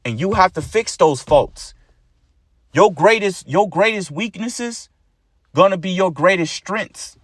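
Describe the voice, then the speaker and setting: A man's voice: high-pitched, fairly bright tone, no room sound, clean studio sound. A man preaching an informal sermon to his followers, blunt and profane, who keeps repeating his lines and ends his phrases with "man".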